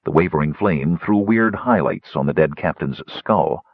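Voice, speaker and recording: A man narrating an adventure novel aloud in an animated storytelling manner. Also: extremely low pitch, moderate pace, no echo, narrow, tinny audio. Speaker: audiobook narrator. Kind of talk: scripted fantasy narration.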